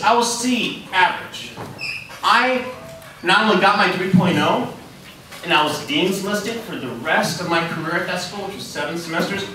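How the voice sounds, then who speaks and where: A man giving an energetic motivational talk to students, telling his story and asking the audience questions. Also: high voice. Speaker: motivational speaker. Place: middle school hall. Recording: very echoey, distant, noisy hall.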